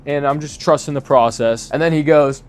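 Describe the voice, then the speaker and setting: A man's voice: fairly high pitch, brisk, slight background noise. Profane, exasperated young man telling a story. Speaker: vlogger. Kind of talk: casual storytime.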